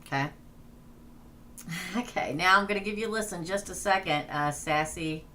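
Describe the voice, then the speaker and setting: A woman's voice: lowish voice, normal speed, pushed and bright, slight background noise. A woman tarot reader hosting a casual livestream, chatting, laughing and reading names off a list.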